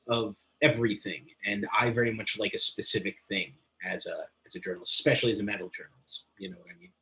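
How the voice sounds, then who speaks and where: A man's voice: medium pitch, fairly bright tone. A man speaking as a guest in a casual interview, a metal journalist who rambles enthusiastically and swears freely.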